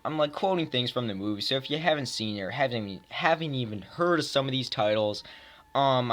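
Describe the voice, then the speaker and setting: A man's voice: on the low side, fairly bright tone. A young man casually reviewing films, rambling with many fillers and self-mocking asides. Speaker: movie reviewer.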